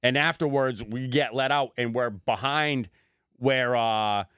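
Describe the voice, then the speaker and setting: A man's voice: medium pitch, a little slow, a bit bright, clean tone, dry recording, studio quality. Rambling, profane man telling stories. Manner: rambling, profane, jokey storytelling. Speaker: podcast co-host. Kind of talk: casual chat.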